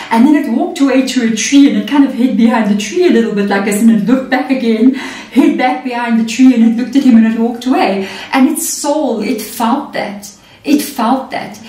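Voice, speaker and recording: A woman's voice: mid-range voice, mellow. A woman giving a chatty tarot reading, often checking in with "okay" and "you know what I mean.". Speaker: tarot reader. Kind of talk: casual spiritual reading. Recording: echoey room, mic at a distance.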